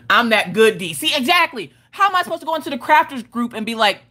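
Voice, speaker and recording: Livestream host, woman, profane jokey rambles, bright animated delivery. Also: fairly high pitch, brisk, long pauses. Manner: rambling, joking, laughing, profane. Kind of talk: casual livestream chat.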